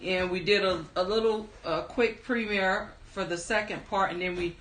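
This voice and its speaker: Woman, livestream host, casual chatty greetings, bright tone, roomy echo. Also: medium pitch, fairly even intonation, normal speed, a little hiss or hum. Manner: greets chat viewers by name, upbeat and chatty. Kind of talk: casual live-stream chat.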